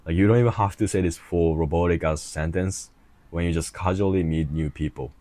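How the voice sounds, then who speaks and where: A man's voice: low voice, fairly quick, warm tone, no echo. A man teaches an online lesson in English. He is casual and blunt, and slips slang and swearing into his explanations. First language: Japanese. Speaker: Japanese language teacher.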